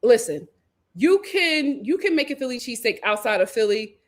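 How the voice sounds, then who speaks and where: A young woman hosts a live reality show recap. Her voice sits high, and her delivery is animated, chatty and full of slang asides. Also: moderate pace. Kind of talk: casual live stream chat.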